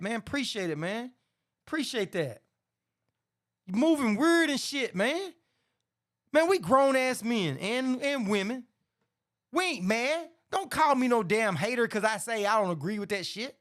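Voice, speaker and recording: A man's voice: very high voice, lively intonation, moderate pace, fairly bright tone. Blunt, profane man ranting about boxing. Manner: blunt, profane, repeats "man" a lot, gets heated. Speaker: sports talk show host. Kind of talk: casual boxing commentary rant.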